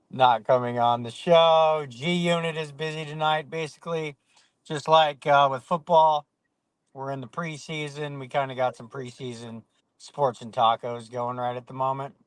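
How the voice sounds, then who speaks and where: A man's voice: on the high side, clean tone, no echo. A man hosting a casual sports podcast, rambling with lots of fillers and restarts. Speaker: podcast host.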